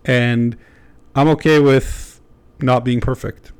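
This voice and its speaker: A man's voice: medium pitch, steady tone, takes it slowly, a crowd in the background. A young man hosting a podcast, talking candidly in a rambling way, full of fillers and swearing. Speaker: podcast host. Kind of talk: casual podcast chat.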